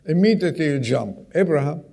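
A man's voice: on the high side, lively intonation, a little fast, vocal fry, warm tone. A man preaching a sermon who stresses key words by repeating them and puts direct questions to the congregation.

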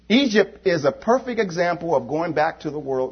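A man preaching a sermon with emphatic, repetitive phrasing, swinging between loud and quiet. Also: a little high, sing-song, normal speed, hardly any pauses, slightly rough, highs cut off. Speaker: lay preacher.

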